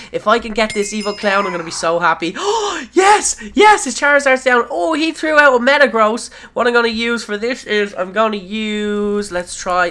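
A man hosting a gaming video, giving playful let's-play commentary that bursts into excited shouts and silly made-up rhyming words. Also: high-pitched.

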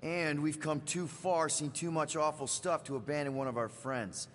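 A man's voice: on the high side, fairly even intonation, normal speed, a bit bright, a little hiss or hum, lightly acted. An actor voicing an earnest, insistent male team leader in a video game, loyal to his friends.

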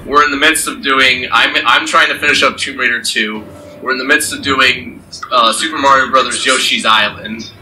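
A man's voice: medium pitch, normal speed, pushed and bright, a little hiss or hum, rough recording. A man hosting a let's play channel, chatting casually after a game session, rambling with lots of restarts. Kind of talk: casual post-game chat.

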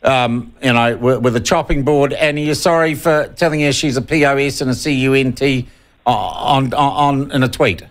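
A man's voice: medium pitch, fairly even intonation, normal speed. A man hosting a talk radio interview, blunt and pressing his guest for direct answers. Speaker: radio talk show host.

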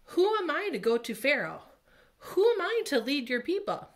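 A woman's voice: high voice, sing-song, very slow, voice pushed up, exaggerated voice. A woman voicing a frightened, doubtful shepherd man in a children's Bible story, asking anxious questions. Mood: worried.

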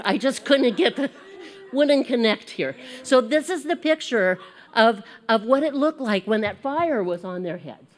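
An American woman teaching a casual Bible lesson, chatty and animated, laughing at herself as she goes. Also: fairly high pitch, a little slow.

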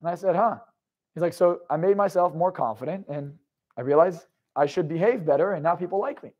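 A young man with a high-pitched voice tells motivational stories as a confidence coach. He drops into quiet, confiding narration, then breaks into loud, forceful outbursts, swearing casually as he drives his point home. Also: fairly quick. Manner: swings from low storytelling to loud emphatic outbursts, swears freely. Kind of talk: motivational storytelling monologue.

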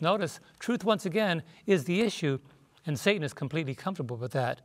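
A man's voice: fairly high pitch, expressive, brisk. A man teaching a Bible study lesson on a panel, quoting scripture in an earnest way. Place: television studio.

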